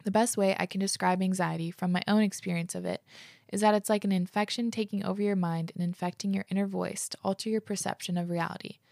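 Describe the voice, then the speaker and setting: Gushing woman podcast host, gravelly voice. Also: mid-range voice, fairly even intonation, fast, a little mellow, dry recording, clean studio sound. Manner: gushing, fills speech with "like". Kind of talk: casual chat and reading listener letters aloud.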